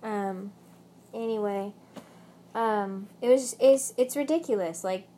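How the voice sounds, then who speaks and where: A woman's voice: medium pitch, takes it slowly, dark tone. A young woman with a British accent vlogging about her ex, rambling and swearing heavily, with angry bursts. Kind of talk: emotional personal rant.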